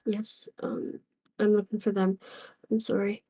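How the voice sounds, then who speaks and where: A woman speaks in character at a tabletop game, hesitant and apologetic, with lots of ums. Her voice is mellow and warm. She sounds unsure and keeps pausing. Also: medium pitch, level tone, husky, low-quality recording. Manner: hesitant, apologetic, many fillers. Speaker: player voicing a tiefling character. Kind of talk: in-character tabletop role-play.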